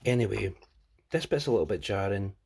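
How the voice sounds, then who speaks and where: Husky, low-voiced man riffing on comics. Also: expressive, brisk, a little mellow. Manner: rambling, crude, joking. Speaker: comic book reviewer. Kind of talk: casual review vlog.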